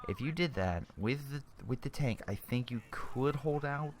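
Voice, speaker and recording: A man's voice: mid-range voice, lively intonation, normal speed. A young man giving casual commentary over a strategy game replay, chatty and exclamatory, often restarting his sentences.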